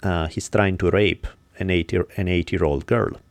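A man's voice: sits low, steady tone, normal speed, no room sound. A man hosting a podcast, telling a story in a blunt, casual, profane way. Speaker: podcast host. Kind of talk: casual chat.

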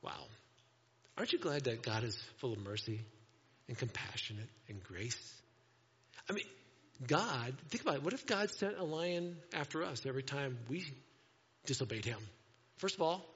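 A man preaching a sermon to a congregation, animated, often acting out voices in quotes. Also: mid-range voice, normal speed, long pauses, husky. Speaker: pastor. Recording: dull sound with long hall reverb.

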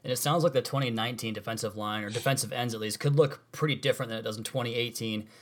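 A man's voice: mid-range voice, fast talker. A man with a mid-range voice hosts a casual sports podcast. He asks long, winding questions and makes easygoing, self-deprecating asides as he steers the talk. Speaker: podcast host.

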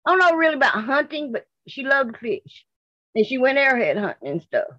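A woman's voice: high-pitched, sing-song, fairly quick, fairly bright tone, no room sound. Indignant Southern woman, muffled and dry. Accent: Southern US, Mississippi. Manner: blunt, indignant, repeats herself. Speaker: mother of a missing woman. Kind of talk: emotional interview testimony.

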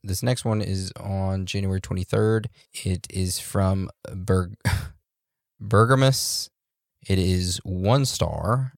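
A man co-hosting a podcast in a relaxed, joking way, reading out listener reviews with loose fillers and laughs. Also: low-pitched, takes it slowly, creaky, no echo, studio quality. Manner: laid-back, laughs and jokes, loose fillers. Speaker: podcast co-host.

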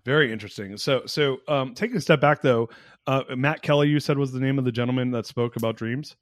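A man's voice: mid-range voice, fast, no echo, studio quality. A man hosting a podcast, asking curious questions in a casual, conversational way. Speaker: podcast host. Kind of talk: casual interview.

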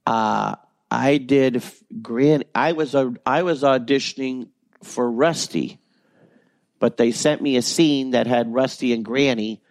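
A man's voice: mid-range voice, darkish tone, no echo. A man, a voice actor, chatting loosely in an interview, rambling and joking with frequent restarts. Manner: rambling, jokey, many restarts. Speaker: voice actor guest. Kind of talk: casual interview chat.

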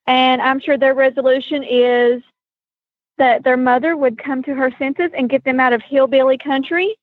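High-voiced east tennessee woman on a muffled phone line, folksy and joking. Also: fairly even intonation, moderate pace. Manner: folksy, jokey, laughing often. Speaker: caller. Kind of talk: casual phone call.

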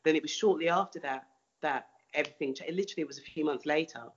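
A woman's voice: low-pitched, fast talker, dull audio. A woman artist answering interview questions thoughtfully, often restarting and repeating words.

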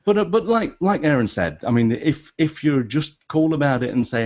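A man speaking as a podcast guest in casual discussion, animated and halting, with a non-American English accent and many restarts. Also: fairly high pitch, lo-fi sound.

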